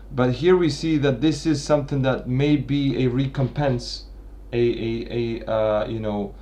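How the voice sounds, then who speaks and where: A man's voice: medium pitch, darkish tone. Man lecturing, restarting phrases often. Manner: thinking aloud, many restarts and "right?" checks. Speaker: literature commentator. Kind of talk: unscripted analytical lecture.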